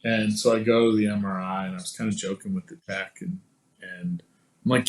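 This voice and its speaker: Podcast guest, male, lowish voice, chatty storyteller who acts out the dialogue. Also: fairly quick, low-quality recording. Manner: animated, acts out quoted dialogue; casual, many fillers like "like" and "you know". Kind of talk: personal storytelling in conversation.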